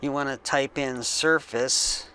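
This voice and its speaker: A man hosting a coding tutorial, thinking aloud slowly with frequent ums as he works on screen. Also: medium pitch, fairly even intonation, sharp tone, smooth. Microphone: desk mic with face cam.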